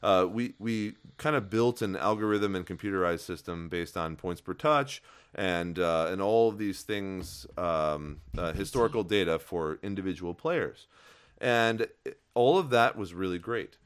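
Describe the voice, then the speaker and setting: A man's voice: sits low, measured pace, clear, resonant tone. A man co-hosting a casual fantasy football podcast, confident and argumentative, laughing often.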